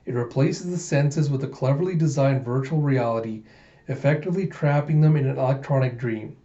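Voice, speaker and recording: A man's voice: medium pitch, brisk, mellow. A man casually narrating a comic readthrough, chatty and loose, adding sound effects, in a roomy, dull recording.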